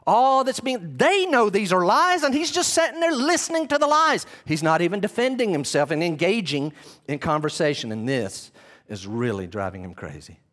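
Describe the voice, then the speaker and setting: Animated man preaching a sermon. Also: high voice, moderate pace. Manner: animated storytelling, addresses listeners as "guys". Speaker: pastor.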